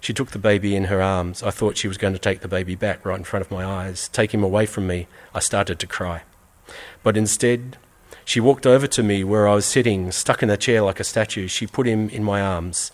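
A man reading a first-person story aloud in an earnest, measured way, repeating phrases for weight. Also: on the low side, steady tone. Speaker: reader.

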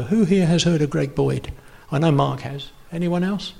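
A man's voice: on the high side, normal speed, vocal fry, few pauses, darkish tone. A man preaching a sermon to his congregation in a conversational, rambling way with many fillers and restarts, his nose running. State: runny nose. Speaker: pastor.

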